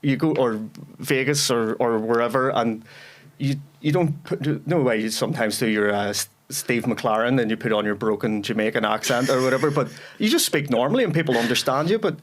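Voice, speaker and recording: Northern Irish man, mid-pitched voice, blunt, swears a lot, podcast host. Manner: blunt, swears freely, halting restarts. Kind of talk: casual podcast chat.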